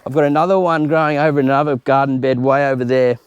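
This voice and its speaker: A man's voice: mid-range voice, fairly even intonation, fast talker, clear, resonant tone, no echo, dull audio. An Australian man chatting informally while working in his garden, explaining as he goes in a casual gardening tutorial. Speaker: home gardener host. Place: outdoor home garden.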